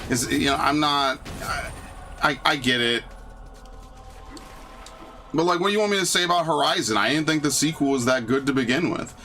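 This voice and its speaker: Rambling profane young gaming host. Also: male voice, a little high, lively intonation, moderate pace, long pauses, bright, forceful tone, soft background music. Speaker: gaming YouTuber. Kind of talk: casual let's-play commentary.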